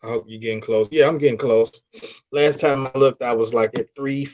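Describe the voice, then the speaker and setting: A man's voice: medium pitch, fairly even intonation, normal speed, a little mellow. A man chatting loosely on a live stream, full of slang, greeting viewers and reading their comments aloud. His voice sits in an ordinary middle range. The audio comes through dull and lo-fi. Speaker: livestream host. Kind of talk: casual live stream chat.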